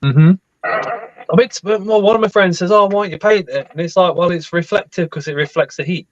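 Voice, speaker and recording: A man's voice: high-pitched, fairly quick, dry recording. Chatty Liverpool man on a dull dry mic. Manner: reads out viewer comments, chatty. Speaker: host of live stream. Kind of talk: casual live-stream chat.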